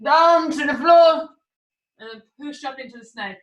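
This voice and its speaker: A woman's high voice with lively intonation moves at a moderate pace as she teaches kids acrobatics online, calling out moves, counting, and making animal sounds. She leads the video class from a room at home. The sound is lo-fi and echoey, with her distant from the mic.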